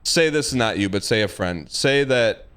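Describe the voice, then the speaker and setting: A man's voice: on the low side, animated, normal speed, a bit bright, clear, resonant tone. A man streaming live and giving blunt, emphatic dating advice in casual chat, repeating himself for emphasis. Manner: emphatic, repetitive, blunt, acts out quoted lines.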